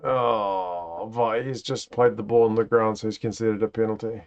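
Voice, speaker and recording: A man's voice: fairly low pitch, steady tone, moderate pace. A man hosting a casual live watch-along, reacting to play and chatting with viewers. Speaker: livestream host. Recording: dull lo-fi stream audio.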